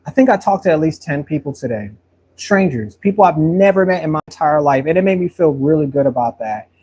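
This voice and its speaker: A man's voice: a little high, animated, a little fast, dark tone, slightly rough. A man painting on a livestream, talking in a loose, long-winded way, full of fillers. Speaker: painter livestreaming his work. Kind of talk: casual rambling talk while painting.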